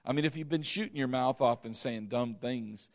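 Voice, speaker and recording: A male pastor preaching a sermon in an emphatic, animated way, with sudden swings in loudness. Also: medium pitch, normal speed.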